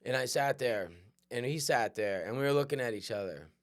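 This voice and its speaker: A man hosting a podcast, telling a personal story in a conversational, animated way and often checking in with "right?". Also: mid-range voice, a little fast. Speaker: podcast host. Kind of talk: storytelling monologue.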